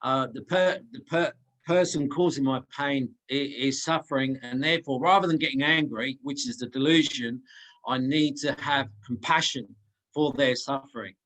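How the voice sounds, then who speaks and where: A man's voice: medium pitch, fairly bright tone, poor audio. Hesitant man asking a question. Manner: hesitant, halting, restarts words.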